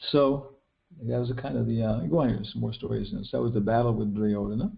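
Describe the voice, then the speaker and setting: A man's voice: medium pitch, steady tone, fast, gravelly. An older man giving a casual scripture class, retelling an epic story and film scenes in a rambling way, full of restarts and fillers. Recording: dull lo-fi recording.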